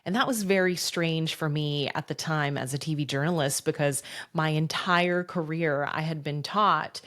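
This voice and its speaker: A woman's voice: low voice, moderate pace, fairly bright tone. A woman in her thirties hosting a podcast, telling her own story in an earnest, reflective way with rhetorical questions. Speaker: podcast host. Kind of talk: personal storytelling monologue.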